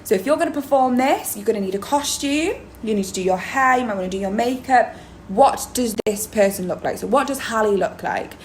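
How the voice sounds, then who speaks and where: A woman's voice: on the high side, animated, fairly quick. A woman drama teacher, explaining in a chatty video lesson with many ums. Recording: roomy echo, faint background noise.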